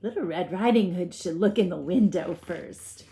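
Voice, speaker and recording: A woman teacher reading a storybook aloud to young children, expressive, with gasps and stage whispers. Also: on the low side, normal speed, creaky, slight background noise. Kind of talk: children's read-aloud lesson.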